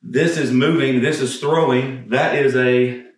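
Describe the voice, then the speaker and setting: A man's voice: medium pitch, fairly even intonation, measured pace. A man teaching golf swing technique on camera, talking casually and bluntly, swearing now and then, and getting out of breath as he demonstrates. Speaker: golf instructor. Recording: echoey, from a distance.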